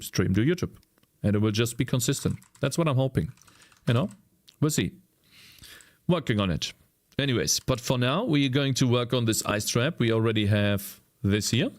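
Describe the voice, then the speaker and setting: A man with a German accent, a native German speaker, chatting casually with viewers during a live coding stream, rambling and searching for English words. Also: medium pitch. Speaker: streamer and indie game developer.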